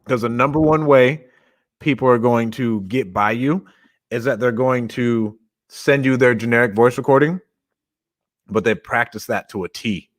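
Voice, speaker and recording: Energetic man coaching on podcast. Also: mid-range voice, moderate pace. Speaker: podcast co-host. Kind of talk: casual podcast chat.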